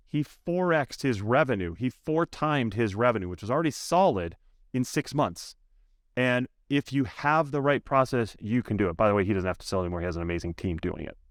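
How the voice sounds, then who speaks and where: A man who coaches software sales, speaking as a guest on a podcast interview with an emphatic, animated way of telling stories. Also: medium pitch, no room sound, studio quality.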